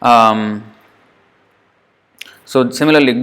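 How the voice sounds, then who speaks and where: A man's voice: medium pitch, unhurried, pauses often, fairly bright tone. A man teaching Sanskrit pronunciation in a recorded lesson, demonstrating each syllable aloud and repeating it patiently.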